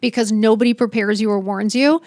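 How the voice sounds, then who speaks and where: Fifties woman guest, frank storyteller, bit high pitched, dry studio sound. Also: fairly even intonation, fairly quick, a little mellow, no echo. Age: 50s. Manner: blunt, emphatic, swears freely, acts out dialogue. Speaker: podcast guest. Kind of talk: candid storytelling.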